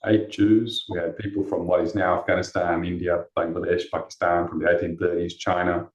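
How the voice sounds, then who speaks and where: A man's voice: sits low, little pitch movement, brisk. A man on a webinar panel, answering in a passionate, rambling way and poking fun at himself. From Australia. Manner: passionate, rambling, self-deprecating. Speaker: panelist, race discrimination commissioner. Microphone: video call. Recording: echoey room over a video call.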